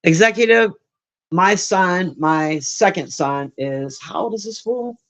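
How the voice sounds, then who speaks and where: A loud, brash woman in her fifties chatting casually on a live stream from her room, teasing and roasting her viewers. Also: lowish voice, expressive, measured pace. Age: 50s. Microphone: own desk mic.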